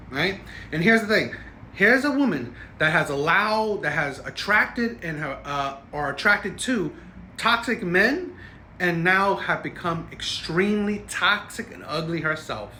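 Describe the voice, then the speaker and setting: A man's voice: high voice, lively intonation, measured pace, bright, forceful tone, slight background noise. A man hosting reaction commentary, ranting and tagging his points with "right?". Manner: ranting, keeps asking "right?". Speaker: commentary host. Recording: echoey room.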